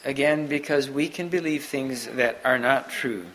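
A man giving an unscripted sermon to a Mennonite congregation, halting often and restarting his sentences. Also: medium pitch, a bit bright, slight background noise, poor audio. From Mennonite community. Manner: halting, many restarts and repeated words. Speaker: preacher.

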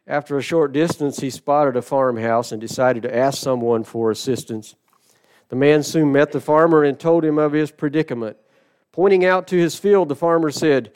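A middle-aged man delivers a sermon from the pulpit. His voice sits a little high for a man and stays smooth and resonant. He tells stories with dramatic drops to near quiet and bursts of loud emphasis. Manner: storytelling with dramatic shifts in loudness and slow emphatic phrasing. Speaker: pastor.

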